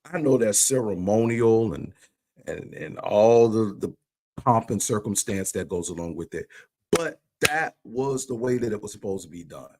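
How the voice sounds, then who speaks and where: A man's voice: fairly low pitch, animated, moderate pace, a little mellow. A man in a livestream conversation, telling a church story with animation and acting out the dialogue. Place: remote livestream call.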